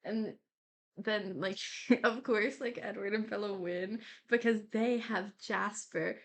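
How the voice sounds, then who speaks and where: A young woman doing quiet ASMR rambling in a casual, giggly way, full of fillers. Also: mid-range voice, fairly even intonation, slow. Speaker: YouTuber.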